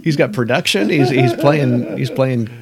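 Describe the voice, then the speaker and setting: A man's voice: mid-range voice, measured pace, gravelly, over a noisy crowd. A man co-hosting a podcast in casual chat, making dry, wry remarks and asking questions. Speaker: podcast co-host. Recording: noisy recording.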